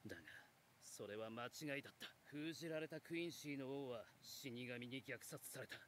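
An actor playing a cold, composed young male rival who speaks low and measured, from anime audio. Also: natural voice. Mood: cold resolve. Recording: anime audio with loud battle noise.

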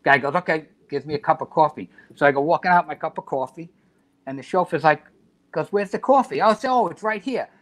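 A middle-aged man, a podcast guest telling profane, animated stories in casual chat. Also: fairly high pitch, a little fast. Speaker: podcast guest, retired fire chief.

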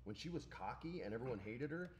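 A man in his forties co-hosting a podcast in casual chat, telling an animated story, acting out lines and swearing freely. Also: mid-range voice, fast, a little hiss or hum. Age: 40s. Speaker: podcast co-host.

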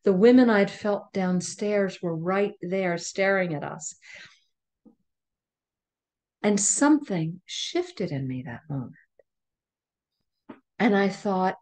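A woman's voice: medium pitch, slow, long pauses. Middle-aged woman guesting on a podcast, telling her story with lots of life and laughs. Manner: animated, laughs often, vivid retelling. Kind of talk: storytelling in conversation.

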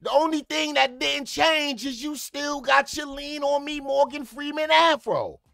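High, gravelly man ranting on camera. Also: measured pace, no room sound, studio quality, faint music behind. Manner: profane ranting, often shouting. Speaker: reaction channel host. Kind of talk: comedic reaction commentary.

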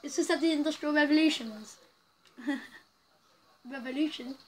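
A woman's voice: high voice, unhurried, rough recording. A woman giving casual, rambling commentary while playing a story game, reacting aloud as she goes. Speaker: gaming channel host. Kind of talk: casual let's-play commentary.

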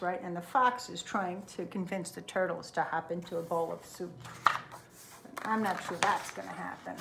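A woman librarian reading a picture book aloud to children, expressive and chatty, often checking in with "right?". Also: fairly low pitch, normal speed, creaky, slight background noise. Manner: lively, expressive storytelling with frequent "right?".

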